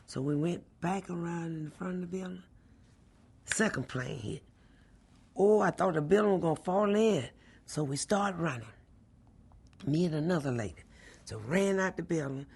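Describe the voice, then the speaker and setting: A middle-aged mail carrier tells a personal story. The voice is gravelly and husky, and the delivery is animated, acting out what other people said. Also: mid-range voice, moderate pace, pauses often. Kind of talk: personal recollection, oral history.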